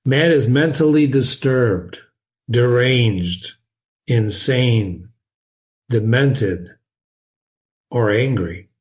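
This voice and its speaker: A man teaching his way through a classic novel, pausing to explain words and ideas. He is chatty and encouraging, wanders off on tangents and chuckles often. His voice sits at an average pitch. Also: darkish tone.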